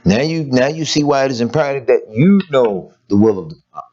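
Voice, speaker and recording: Lively, laughing preacher man. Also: medium pitch, quick pace. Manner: lively conversational preaching with rhetorical questions and laughter. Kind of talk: sermon. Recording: dull lo-fi recording.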